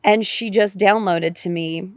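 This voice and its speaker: A woman podcast guest telling a personal story in an animated way, repeating phrases and swearing casually. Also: medium pitch, a little slow, no echo, clean studio sound.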